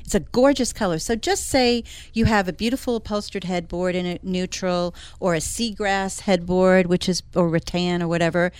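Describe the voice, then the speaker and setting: An interior designer who appears regularly on a talk show, she keeps things chatty and enthusiastic, with plenty of laughter, in easygoing radio banter. She speaks in a lowish, steady voice at normal speed with hardly any pauses. Her tone is clean and there's no room sound.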